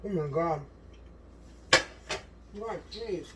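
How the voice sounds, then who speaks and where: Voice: medium pitch, very slow, recorded from a distance, very noisy. Gushing home cook, a bit off-mic. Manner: gushing, exclaims often, talks straight to viewers. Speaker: cooking channel host. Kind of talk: home cooking vlog, tasting on camera. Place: home kitchen.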